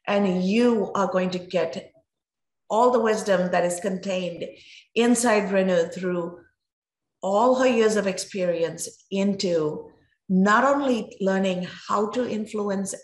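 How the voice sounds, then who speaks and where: A woman's voice: mid-range voice, roomy sound, poor audio. A woman hosting a podcast, introducing her guest with effusive enthusiasm. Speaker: podcast host. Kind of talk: interview introduction.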